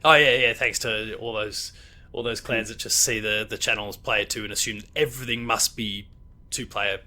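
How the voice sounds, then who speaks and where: A man's voice: fairly low pitch, fairly even intonation, moderate pace, bright, forceful tone. An Australian man hosting a casual gaming podcast, rambling with lots of fillers and restarts. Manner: rambling, hesitant with many fillers. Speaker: podcast host. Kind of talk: casual chat.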